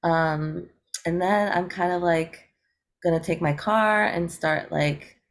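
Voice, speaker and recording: A woman's voice: fairly low pitch, slow. A woman, a guest on an interview show, talking casually and upbeat, with lots of fillers and frequent laughter. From United States. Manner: chatty, upbeat, laughs often, many fillers. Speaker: guest, eco-rapper.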